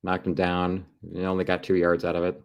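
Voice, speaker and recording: A man talks over a football broadcast on his live stream in a loose, rambling way. His voice sits on the low side, and he drifts between play calls and crude wisecracks. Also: monotone, brisk, clear, resonant tone. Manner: rambling, joking, crude asides. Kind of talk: casual live-stream commentary.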